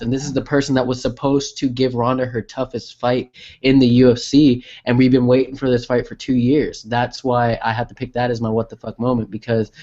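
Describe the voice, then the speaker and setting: A man's voice: medium pitch, darkish tone. A man with a mid-range voice argues his point in a casual podcast chat, blunt and profane. The recording sounds dull and lo-fi. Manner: argumentative, makes his case with profanity. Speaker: podcast co-host.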